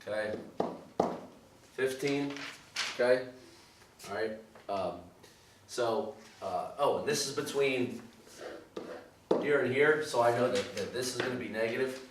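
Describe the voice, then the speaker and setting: This recorded math lesson features a medium-pitched man who talks a little slowly and pauses often, far from the microphone. He solves problems step by step, regularly asking "okay" and "all right." Echo fills the room, he sounds somewhat off-mic, and there's clear background noise.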